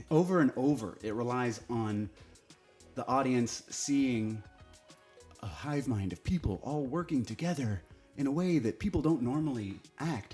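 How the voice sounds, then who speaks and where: Man, sarcastic, exasperated, casual review, mid-pitched voice, faint music behind. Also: darkish tone.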